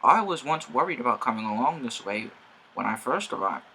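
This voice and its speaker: A man's voice: mid-range voice, sing-song, brisk, pushed and bright, a little hiss or hum. A man voicing a cautious, fussy old male steam engine in a fan-made story. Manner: cautious, scolding.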